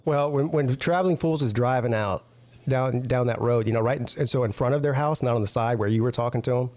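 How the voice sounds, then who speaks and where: Man co-hosting, quick to laugh, casual, easygoing. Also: mid-range voice, darkish tone. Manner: laughs along, chimes in with quick remarks. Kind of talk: casual chat.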